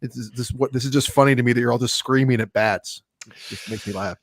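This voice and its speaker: A man hosting a podcast in casual movie review chat, animated and sarcastic, laughing often. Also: mid-range voice, quick pace, no echo, clean studio sound. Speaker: podcast host.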